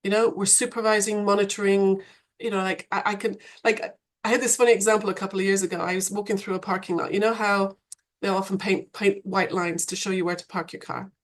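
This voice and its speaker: A woman guest on a podcast, telling her story in an animated, reflective conversational way, laughing now and then. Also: medium pitch, fast. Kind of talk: podcast interview.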